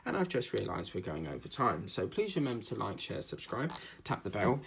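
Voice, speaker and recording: A man's voice: on the low side, lively intonation, moderate pace, vocal fry, fairly bright tone, a little hiss or hum. A man hosting a craft channel, chatting casually and rambling from one topic to the next with lots of fillers and jokes. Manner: chatty, digressive, jokey, with many fillers.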